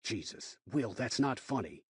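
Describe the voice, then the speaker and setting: A man playing a big resident advisor taking charge with firm, commanding orders. Husky, dry voice. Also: mid-range voice, very animated, brisk, no room sound.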